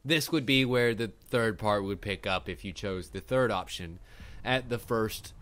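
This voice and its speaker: A young man commentating over gameplay in a sarcastic, comedic way, swearing and panicking loudly, with game music behind him. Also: on the low side, unhurried. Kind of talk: comedic let's play commentary.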